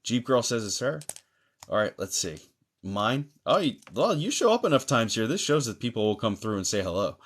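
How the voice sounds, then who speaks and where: A man's voice: medium pitch, very animated, normal speed. A man hosting a live-stream mediumship session, greeting viewers by name and reading chat aloud in a chatty manner with many fillers.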